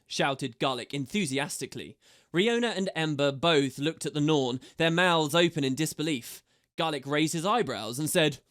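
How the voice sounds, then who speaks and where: A man reading a fantasy audiobook aloud with steady, measured narration. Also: fairly high pitch.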